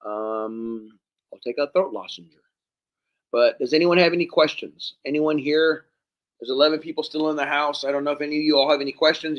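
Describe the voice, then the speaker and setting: A man hosting a live stream, hoarse from hours of talking, thanking viewers one by one by name. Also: on the high side, highs cut off. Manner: thanks viewers by name, rambling and warm-hearted. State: hoarse, losing his voice. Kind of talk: casual live stream chat.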